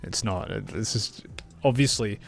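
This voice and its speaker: Clear-spoken teacher. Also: male voice, fairly low pitch, soft background music. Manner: clear, slow, explaining and repeating words. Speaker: English teacher. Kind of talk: reaction video lesson.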